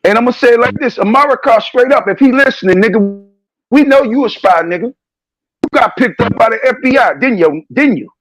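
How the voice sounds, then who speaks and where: A man's voice: extremely high pitch, animated, brisk, no echo, low-quality recording. A man in a heated live stream rant, preaching and calling people out in confrontational street talk over a call connection. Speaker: guest on a live stream show.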